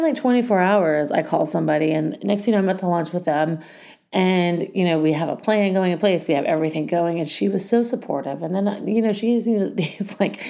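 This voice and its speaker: A woman's voice: lowish voice, creaky, dark tone. A middle-aged woman who founded a school, talking in a rambling, heartfelt podcast monologue and getting emotional. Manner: rambling, heartfelt, many fillers.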